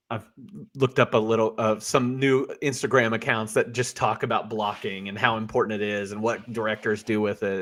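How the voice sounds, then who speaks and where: Relaxed man co-hosting a podcast. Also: lowish voice. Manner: relaxed, hesitant with "uh" and "um". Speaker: podcast co-host. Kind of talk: casual chat recapping a film.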